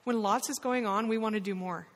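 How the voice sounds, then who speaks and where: A woman leading an interactive Bible lesson, quizzing the group with quick questions. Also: medium pitch. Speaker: Bible study leader. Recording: reverberant hall.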